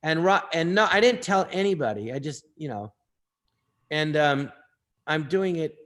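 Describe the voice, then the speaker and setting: A man, an actor and comedian, telling anecdotes in a casual interview, lively and quick to slip into impressions of the people he quotes. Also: fairly high pitch.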